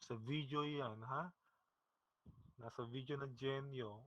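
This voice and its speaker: A man's voice: medium pitch, steady tone, measured pace, a bit bright, no echo, dull audio. A man with a Filipino accent teaching a math class online, casual and chuckling, often checking in with "okay?". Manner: mixes English and Tagalog, often checks with "okay? no?".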